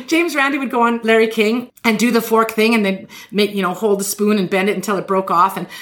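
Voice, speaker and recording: Animated woman telling a story. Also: mid-range voice, a little fast. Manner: animated, laughing, swears freely. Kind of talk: casual storytelling chat.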